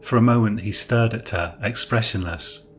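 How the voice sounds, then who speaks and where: A man with a low voice telling a dark story in a measured, even way. His reading is steady and unhurried. Soft music plays faintly underneath. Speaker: narrator. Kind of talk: scripted story narration.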